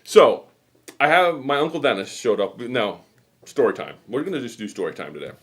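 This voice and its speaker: A man's voice: medium pitch, very animated, brisk. A middle-aged man from New England hosting a casual show, telling rambling stories and chatting as he goes. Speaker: host. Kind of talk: casual chat.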